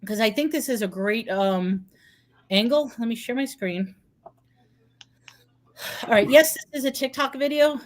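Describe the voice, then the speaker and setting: A woman with a high voice hosts a relaxed live online chat. She talks in an animated way and keeps posing questions. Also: measured pace, pauses often. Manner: animated, questioning, puts on a cutesy sing-song for props. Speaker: host. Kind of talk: casual live-stream chat.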